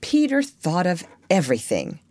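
A woman reading a children's storybook aloud in a gentle, expressive way. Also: on the low side, moderate pace, dry recording. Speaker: audiobook narrator.

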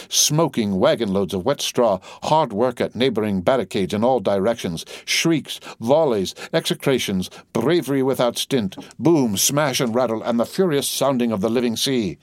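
A man's voice: lowish voice, no echo, clean studio sound. A man narrating a classic novel aloud in an intense, rhythmic, building reading. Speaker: audiobook narrator. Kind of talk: dramatic literary reading.

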